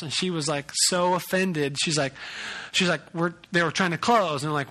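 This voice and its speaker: A man's voice: on the high side, brisk. A male pastor preaching a sermon in a conversational way, telling stories with lots of restarts. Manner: conversational, animated storytelling with restarts. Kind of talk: sermon with a personal story.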